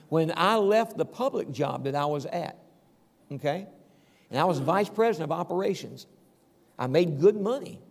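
An older pastor speaks at a moderate pace, his slightly high voice roughened by a gravelly edge. His sermon feels relaxed and conversational, with check-ins to the listeners and the odd chuckle, all trailed by long church-hall reverb.

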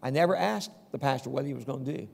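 A man's voice: mid-range voice, fast talker, vocal fry. An older man preaching a conversational sermon as pastor, often checking in with the congregation and chuckling now and then. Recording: long reverb of a large hall.

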